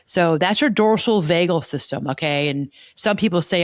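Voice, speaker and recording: A woman's voice: lowish voice, normal speed, hardly any pauses, dry recording, clean studio sound. A woman therapist hosting a podcast, explaining ideas in a teaching way and checking in with "okay?" as she goes. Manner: didactic, repeats key points with "okay?".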